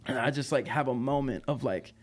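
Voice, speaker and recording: A man telling a tour story as a podcast guest, lively and laughing, with lots of fillers. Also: mid-range voice, brisk. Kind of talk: casual storytelling.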